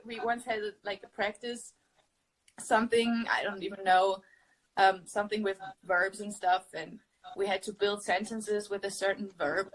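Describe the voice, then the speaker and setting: Young woman host, husky tone, talkative and rambling, casual phone stream. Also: mid-range voice, fairly bright tone, rough recording. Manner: chatty, rambling, lots of fillers and laughter. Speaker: livestream host. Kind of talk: casual chat.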